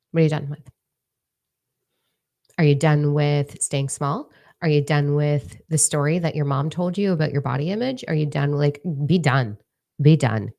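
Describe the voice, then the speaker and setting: A woman in her forties giving a blunt, excitable motivational talk at home, swearing freely. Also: low voice, gravelly. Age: 40s. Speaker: life coach. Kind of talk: casual motivational talk to camera.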